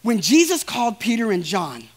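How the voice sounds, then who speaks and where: A man's voice: high voice, very animated, moderate pace. A man preaching a sermon in an earnest, emphatic way, speaking straight to his listeners.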